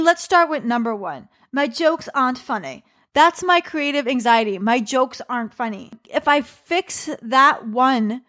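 A woman's voice: sits high, a bit bright. A woman comedian hosting a podcast, giving casual advice with many rhetorical questions to the listener. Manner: chatty, rhetorical questions, direct address.

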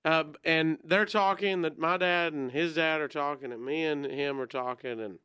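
A man's voice: on the high side, normal speed, smooth, dry recording, clean studio sound. A man telling a rambling childhood story in casual chat. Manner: rambling, animated, acts out quoted voices.

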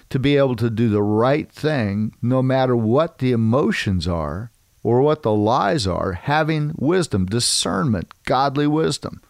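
A man's voice: medium pitch, vocal fry, no room sound. Emphatic male preacher, dry close sound. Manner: emphatic, repeats key phrases slowly. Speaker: host and preacher. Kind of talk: devotional men's ministry talk.

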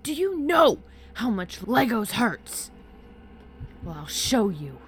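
A woman's voice: on the high side, big pitch swings, takes it slowly, a crowd in the background, voice pushed up. A woman voicing a drunken, enraged middle-aged father who roars threats at his daughter in a spoken story. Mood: furious. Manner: roaring, bellowing threats.

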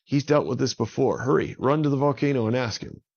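A man's voice: mid-range voice, brisk, creaky, a little mellow, breathy edge, pitched above the performer's own voice. A man voicing a startled, worried father who urges his son to get help. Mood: urgent. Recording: dull lo-fi recording.

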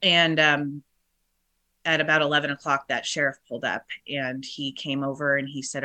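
A middle-aged woman, shaken, telling a painful personal story in a halting way with many restarts. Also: low-pitched, fairly even intonation, pushed and bright. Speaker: guest.

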